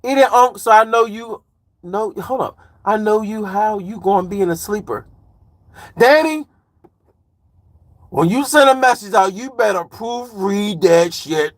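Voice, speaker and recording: Reading comments aloud and rambling in slang, a Chicago truck driver in his forties chats loosely on his live stream. His voice is high-pitched and unhurried, captured in a dry recording.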